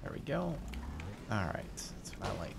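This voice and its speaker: A man hosting casual gaming commentary, animated and quick to exclaim and laugh. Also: sits low, creaky, slight background noise. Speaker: host.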